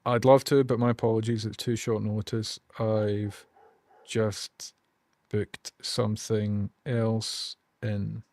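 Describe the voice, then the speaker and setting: A man's voice: fairly low pitch, flat delivery, takes it slowly, a little mellow, no echo. Sweary Scottish man ranting on stream. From Scotland. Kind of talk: casual live-stream chat.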